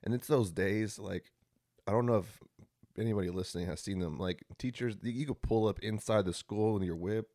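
A relaxed young podcast co-host chimes in with quips during casual chat. His voice is on the low side and fairly quick, recorded in clean studio sound with no room sound.

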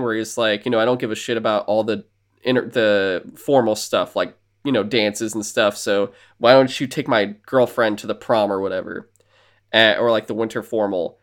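With a smooth, medium-pitched voice that's a bit bright, a man co-hosting a podcast recaps a movie in loose, rambling chat. He swears freely and acts out the characters' lines.

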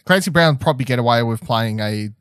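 Young man, casual podcast chat, excited and rambling, lots of ums and restarts, mid-pitched voice, dry close sound. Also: quick pace, clean tone, no room sound. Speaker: podcast co-host reviewing a TV episode.

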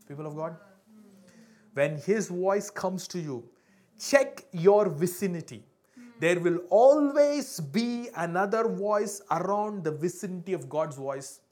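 Man preaching with loud bursts and hushed asides. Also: sits high. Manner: emphatic preaching with sudden loud peaks and hushed drops; asks the congregation for responses. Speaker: pastor. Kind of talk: sermon.

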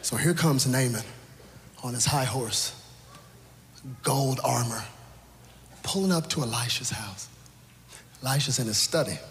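A man preaching a sermon with storytelling, shouting and playful, then dropping suddenly to quiet. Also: mid-range voice, measured pace, pauses often, slight background noise. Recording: long reverb in a large hall.

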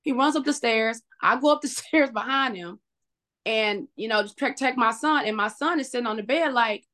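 A woman's voice: on the high side, a bit bright. Woman telling a painful personal story. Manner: emotional, halting retelling with restarts. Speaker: podcast guest. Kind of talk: personal story in a podcast interview.

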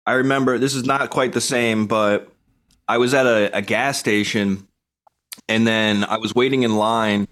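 A man's voice: lowish voice, fairly even intonation, moderate pace, fairly bright tone. A man telling casual stories on a podcast, laid-back and meandering, often correcting himself as he goes. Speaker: podcast guest. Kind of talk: casual storytelling.

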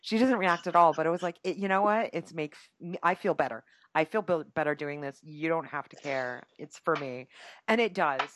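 A woman's voice: sits low, normal speed. A woman hosting a podcast in a playful, chatty way, often laughing as she talks. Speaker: podcast host. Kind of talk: casual chat.

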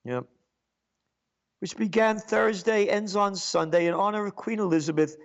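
Male commentator, high, swooping voice, slow, sarcastic rant. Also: very animated. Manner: sarcastic and scornful, with sudden shouts. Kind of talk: ranting commentary. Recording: dull lo-fi sound.

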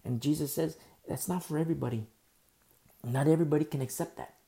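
A man's voice: on the high side, fast talker, gravelly, mellow. A man, the church's pastor, preaching a sermon, going through scripture verse by verse, repeating key phrases for emphasis and asking his listeners rhetorical questions.

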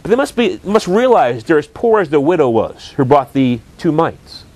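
A man's voice: on the high side, sing-song, normal speed, a little mellow. A man preaching a sermon, earnest and direct, asking rhetorical questions and building emphasis.

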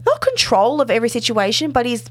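A woman with a slightly high voice and a quick pace gives a casual podcast recap of a TV episode. She animates the retelling by voicing the characters' lines herself.

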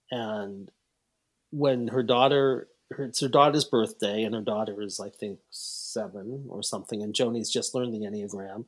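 A male psychologist on a podcast, talking at an everyday middle pitch. His voice has a soft breathy edge, and he rambles through anecdotes, slipping into the voices of the people he quotes. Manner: rambling, animated storyteller who acts out quotes. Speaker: psychologist and author, podcast guest. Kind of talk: storytelling in a casual interview.

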